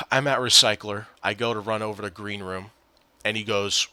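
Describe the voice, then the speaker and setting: A man's voice: on the low side, steady tone, moderate pace, pushed and bright, clear, resonant tone, no room sound. A man telling a gaming story in a casual, exasperated rant, often swearing and replaying what others said. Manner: exasperated, profane, retells quotes.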